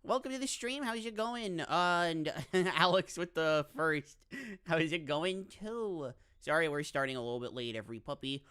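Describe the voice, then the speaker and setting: Woman, streamer, casual chat, bubbly, lively pitch, lowish voice. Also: moderate pace, clean tone. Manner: chatty, bubbly, apologetic.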